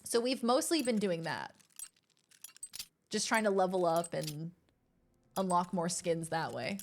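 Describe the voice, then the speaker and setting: A young adult woman streaming a game, chatting casually with her chat, excitable and easily rattled. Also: lowish voice, unhurried, a little hiss or hum.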